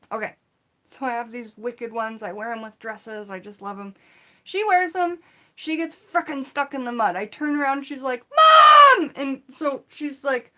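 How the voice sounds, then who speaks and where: A woman casually telling personal stories in an animated, chatty way, full of "like" and "you know". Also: on the high side. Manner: animated, chatty, acts out her own shouts in the retelling; frequent fillers like "like" and "you know". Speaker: storytelling channel host.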